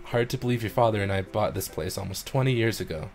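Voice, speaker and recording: A man's voice: fairly low pitch, quick pace, a little mellow, faint music behind. A man live-streaming a game, reading its text aloud and chatting in an awkward, self-deprecating way, tripping over his words. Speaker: let's play streamer.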